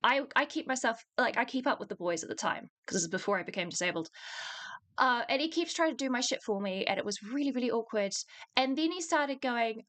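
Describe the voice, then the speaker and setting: A young woman with a New Zealand accent in her twenties, casually telling a long personal story on a podcast, animated, swearing freely and laughing between lines. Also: a little high, brisk. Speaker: podcast co-host.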